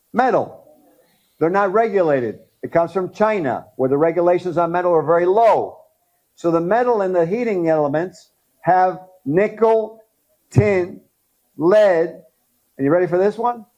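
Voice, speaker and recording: A middle-aged man of Cuban background giving an animated talk at a dental conference, firing questions at the audience. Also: high-pitched, dull audio.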